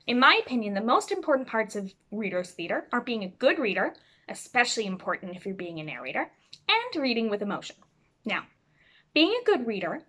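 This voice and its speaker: A woman teaching students over a video call, speaking clearly and expressively as she explains reading aloud. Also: fairly high pitch. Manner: clear, expressive, demonstrates voices. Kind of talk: instructional talk to students.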